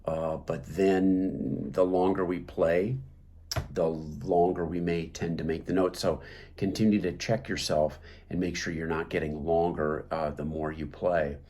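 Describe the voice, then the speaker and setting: A man's voice: deep voice, fairly even intonation, unhurried, mellow, a little hiss or hum. A man teaching clarinet technique, talking through the music with many fillers and restarts. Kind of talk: instructional talk.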